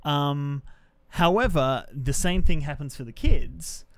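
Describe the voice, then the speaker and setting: Bright-voiced man chatting about movies. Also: fairly high pitch, takes it slowly, dry recording. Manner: rambling, animated, restarts often. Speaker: podcast co-host. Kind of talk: casual movie discussion.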